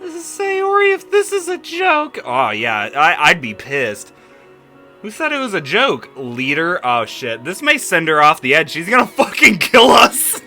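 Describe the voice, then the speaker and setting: A gaming streamer reading a visual novel aloud and reacting with profane, animated commentary. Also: medium pitch, unhurried, faint music behind.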